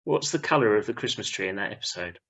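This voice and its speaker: A man's voice: fairly low pitch, lively intonation, fast, a bit bright, slightly rough. A man hosting a podcast in casual chat, upbeat and prompting the others to speak. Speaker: podcast host.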